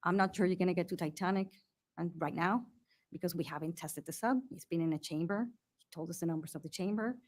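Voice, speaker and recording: A woman's voice: lowish voice, fast. A woman testifying at a hearing as a witness, speaking hesitantly with many fillers and restarts.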